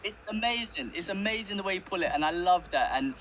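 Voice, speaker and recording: A man's voice: high-pitched, animated, quick pace, a bit bright, highs cut off, slight background noise. Enthusiastic man rambling on a podcast. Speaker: podcast co-host. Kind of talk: casual podcast chat.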